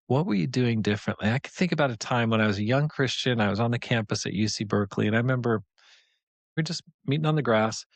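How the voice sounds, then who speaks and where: A man's voice: mid-range voice, fast talker, dry recording. Male podcast host, devotional teacher; earnest, conversational, encouraging, mid-range voice.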